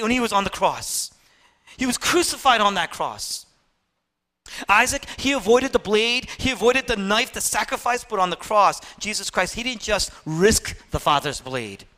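A man preaching a sermon, impassioned, swinging from loud emphatic peaks to hushed low passages.

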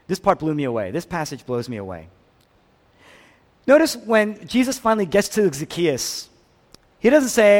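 A man with a high, light voice delivers a sermon, pressing points home through repetition and swinging from near-whispers to ringing emphasis. His words trail off into the long reverb of a large hall. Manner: emphatic, swings between hushed and loud, repeats phrases. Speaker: pastor.

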